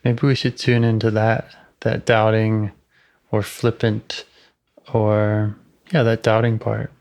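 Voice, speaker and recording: A therapist guiding a session calmly, with short affirmations and gentle questions, over a video call. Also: mid-range voice, slow pace. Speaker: IFS therapist.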